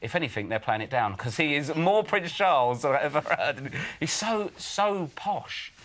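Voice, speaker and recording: A man's voice: fairly high pitch, moderate pace. A man with a South East London accent, a comedian guest who tells jokey stories with lots of laughter. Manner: jokey, laughing, animated storyteller. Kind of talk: casual comic chat.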